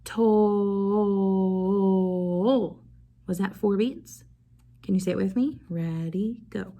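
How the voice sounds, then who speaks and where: A young woman music teacher giving a video lesson to young children, slow and encouraging, prompting them to repeat after her. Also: medium pitch, vocal fry, dark tone, husky.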